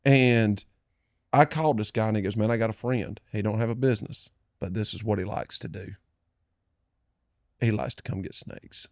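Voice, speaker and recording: A man's voice: on the low side, moderate pace, creaky, a little mellow, dry recording, clean studio sound. A man hosting a podcast, telling stories in casual chat. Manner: storytelling, drawling Southern banter. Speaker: podcast host.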